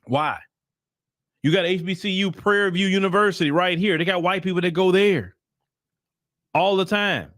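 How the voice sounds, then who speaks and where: A man's voice: sits high, normal speed, pauses often, a bit bright, no echo, studio quality. A man hosting his own channel, giving opinionated political commentary in blunt, casual talk and repeating his points for emphasis. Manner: casual vernacular talk to viewers.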